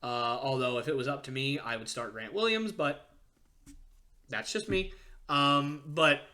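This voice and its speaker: Excitable young man ranting about sports. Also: mid-range voice, a little slow. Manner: excitable, ranting, with frequent fillers and restarts. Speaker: podcast host. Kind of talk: casual sports podcast rant.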